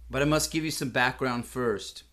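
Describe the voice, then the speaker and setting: A middle-aged man telling a comic story in a deadpan, mock-solemn, formal way. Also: mid-range voice, moderate pace. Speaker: comedian.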